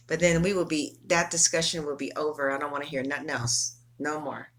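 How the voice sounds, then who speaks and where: Middle-aged woman from California, talkative tarot reader, bright and crisp, emphatic, salty language. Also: low voice, fairly even intonation, fairly quick, hardly any pauses. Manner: chatty, emphatic, swears freely. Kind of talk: casual chat to viewers.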